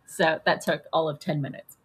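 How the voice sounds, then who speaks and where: A woman's voice: deep voice, normal speed, slightly rough. Chatty woman hosting a stream. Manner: chatty storyteller, animated quoting. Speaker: stream host. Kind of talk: casual chat.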